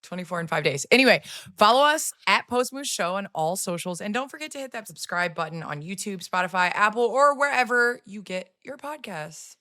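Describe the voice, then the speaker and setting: A woman's voice: medium pitch, expressive, a little fast, few pauses, bright, forceful tone, dry recording, studio quality. A woman in her forties hosting a podcast, chatting playfully and laughing easily as she tells stories. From United States. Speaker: podcast host. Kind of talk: casual podcast chat.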